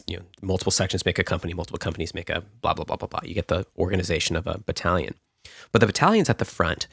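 A man with a very low voice walks the listener through a historical story like he's chatting with a friend. He backs up and restarts his sentences as he explains. The sound is dry and close, with no room around it. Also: a bit bright, no room sound. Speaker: podcast host.

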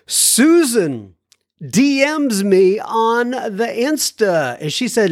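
A man's voice: very high voice, big pitch swings, extremely slow, no room sound, clean studio sound. A man from Texas hosting a podcast, casually reading and answering listener messages. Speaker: podcast host.

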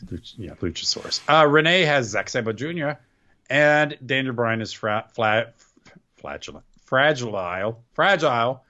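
Podcast co-host, male, sarcastic grumbler recapping shows; lively pitch, dull lo-fi sound. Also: a little slow. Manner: sarcastic, complaining, trips over words. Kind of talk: casual wrestling recap chat.

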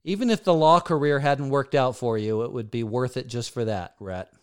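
A male interview host with a smooth, resonant voice. He asks questions in a casual, hesitant way, filling gaps with ums and uhs. His pitch sits in an everyday middle range. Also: moderate pace, darkish tone.

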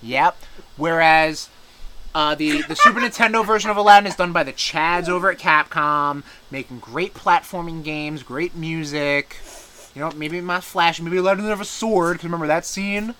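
A man co-hosting a loose podcast, riffing on gaming news with profane jokes and teasing banter. His voice is bright and forceful, sitting a little high. Faint ambience hums under the recording. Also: moderate pace, a little hiss or hum, poor audio. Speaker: podcast co-host. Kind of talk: casual gaming news chat.

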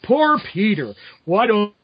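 A man's voice: high voice, very animated, takes it slowly, breathy edge, no room sound, exaggerated voice. A man doing a coaxing young woman. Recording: dull lo-fi audio.

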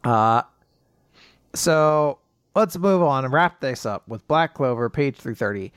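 A man co-hosting a casual podcast, retelling manga chapters with animated delivery and quick character voices. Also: medium pitch, smooth, no echo, clean studio sound. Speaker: podcast co-host.

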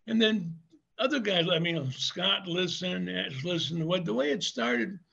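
An older man with a high, gravelly and husky voice tells rambling stories from his wrestling days, animated and quick to laugh. The audio is muffled and lo-fi. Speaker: former wrestler, guest. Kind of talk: casual interview storytelling.

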